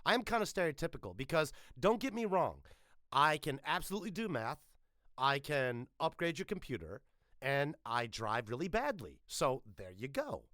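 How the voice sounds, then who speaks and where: This is a man hosting a casual podcast interview, talking in an animated, profane, joke-filled way. His voice is bright and forceful, and it sits dry and close to the mic. He stumbles through restarts as he rushes ahead. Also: on the high side, dry recording. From United States. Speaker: podcast host.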